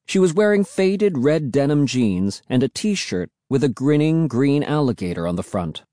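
Lively, mellow male audiobook narrator. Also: moderate pace, no echo, clean studio sound. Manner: voices the children's dialogue with shifts in pitch. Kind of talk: scripted narration of a children's novel.

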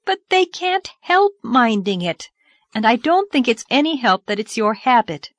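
A woman voicing a dreamy earnest young girl, storybook reading, animated, dry recording. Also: a little high, a little slow, dry recording, pitched above the performer's own voice. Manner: lively, earnest, reproachful. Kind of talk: audiobook character voice.

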